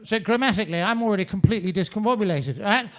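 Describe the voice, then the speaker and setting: A man's voice: sits high, animated, racing, slight background noise. A man performing a stand-up comedy set on a comedy club stage, in a pompous manner with ornate wording.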